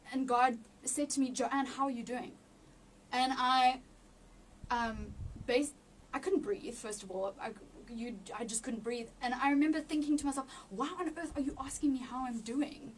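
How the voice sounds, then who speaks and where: A woman giving an emotional personal testimony in an interview, halting with many restarts and near tears. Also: sits high, fairly even intonation, recorded from a distance, slight background noise. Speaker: interview guest.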